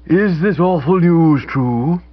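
A hoarse, throaty aristocratic widow in hysterics, as a male narrator puts her on, her voice climbing high and dragging out each tearful word. The slightly husky tone comes through a dull, lo-fi recording. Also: takes it slowly, no room sound. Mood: distraught.

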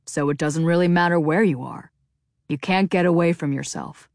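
A woman voicing a calm, gentle middle-aged father who speaks in a measured way, in an audiobook. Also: lowish voice, no room sound, studio quality, lightly acted.

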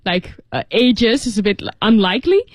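A woman's voice: mid-range voice, expressive, moderate pace, no room sound. A woman co-hosting a radio English lesson, explaining phrases casually with many fillers and acting out example lines. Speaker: native-English co-host.

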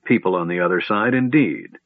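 A man's voice: low-pitched, expressive, brisk, no echo. A man voicing a grumpy old male dwarf who grumbles with scorn. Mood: grumbling. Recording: tinny phone-like audio.

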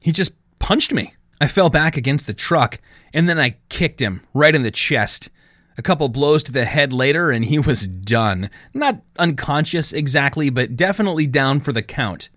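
A defiant, cocky teenage girl from a storybook, put on by a male reader. She speaks in a matter-of-fact way, raised a little above his own voice, with lively pitch. The voice sounds close and dry. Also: moderate pace, dry recording, lightly acted. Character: bold, defiant teenage girl who fights.

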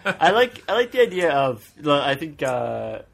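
A man's voice: a little high, big pitch swings, moderate pace, vocal fry. Hesitant man in casual podcast chat. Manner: hesitant, restarting sentences. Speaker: podcast co-host.

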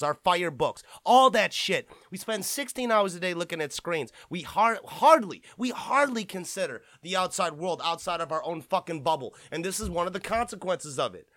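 A man's voice: on the high side, a bit bright, no echo, clean studio sound. A young man hosting a podcast, rambling and swearing freely as he rants and mocks. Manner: profane, rambling, mocking. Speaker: podcast host. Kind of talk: casual podcast rant.

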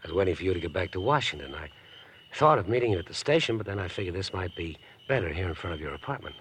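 An actor playing an unhinged, smooth-talking young man in an old radio drama, with a husky, insinuating manner. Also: sits low, expressive, very fast, fairly bright tone, slight background noise. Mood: creepily calm. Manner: insinuating, overly friendly. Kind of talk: 1950s radio drama acting.

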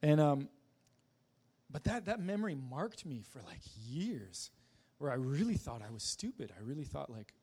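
A man giving a personal testimony in a casual, halting way, with many fillers, restarts and self-deprecating laughs. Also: mid-range voice, big pitch swings, mellow, husky.

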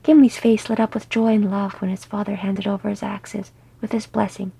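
A woman's voice: mid-range voice, normal speed, vocal fry, slightly rough, rough recording. A woman reading fan fiction aloud, narrating and voicing each character. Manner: animated, voices each character. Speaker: audiobook reader.

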